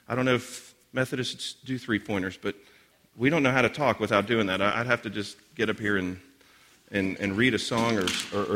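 A man's voice: mid-range voice, sharp tone. A man in his forties giving a sermon with personal stories, chatty and self-deprecating, full of asides and restarts. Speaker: guest speaker.

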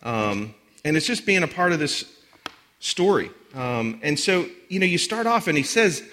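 A man's voice: a little high, big pitch swings, normal speed, sharp tone. A man in his forties giving a sermon with personal stories, chatty and self-deprecating, full of asides and restarts. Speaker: guest speaker.

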